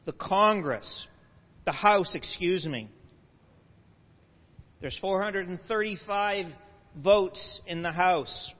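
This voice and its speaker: A man's voice: sits high, slow, pauses often. A man lecturing to a live audience, explaining step by step, with asides and self-corrections. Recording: dull lo-fi audio with long hall reverb.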